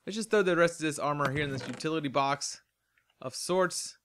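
A yawning, tired man narrates his own gameplay in loose, rambling commentary, chatting to himself as he goes. His voice sits a little high and sounds bright and sharp, with a faint hiss behind it. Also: a little fast. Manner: rambling, chatty, talks to himself while playing. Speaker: let's play host.

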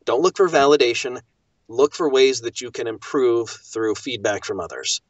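A man's voice: mid-range voice, lively intonation, normal speed, no room sound, distant mic. Man, audiobook narrator guest, emphatic storyteller, muffled lo-fi, dry. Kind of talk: casual chat. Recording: dull lo-fi dry recording.

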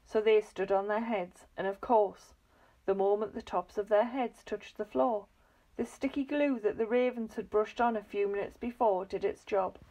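A woman reading a children's book aloud, lively and expressive. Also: medium pitch, normal speed, dull audio. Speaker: reader.

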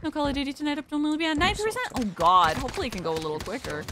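Woman streamer, young, bouncy pitch, chatty and sweary, noisy mic. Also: big pitch swings, racing. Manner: chatty, swears, greets chat by name. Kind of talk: casual gaming stream chat.

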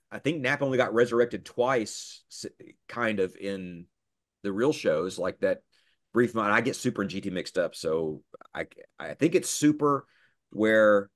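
A middle-aged male voice actor chats in a casual interview, his voice sitting a little low. He tells stories with energy, popping into quick character voices. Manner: animated storyteller, slips into character voices. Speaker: voice actor guest.

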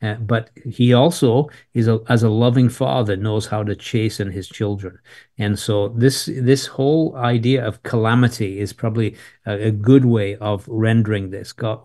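A man teaching through a Bible passage verse by verse. He reads the scripture aloud and then explains it in a conversational way, with a gentle chuckle now and then. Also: lowish voice.

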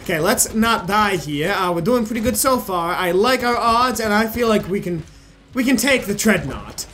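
A man's voice: high voice, expressive, normal speed, bright, forceful tone. A young man hosting a gaming channel, rambling and joking with plenty of swearing as he comments on his play. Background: faint game music.

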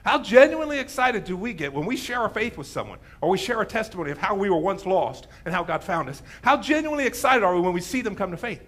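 A male pastor preaching a sermon, telling the story with animated voices and asking the congregation questions. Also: high voice, fast, few pauses. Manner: animated storytelling, acts out quoted speakers, asks the room questions. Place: church sanctuary.

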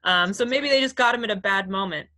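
A woman's voice: mid-range voice, fast, pushed and bright. A woman teaching a class over a video call, casual and chatty, with many fillers and easy laughs. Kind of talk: online class lecture.

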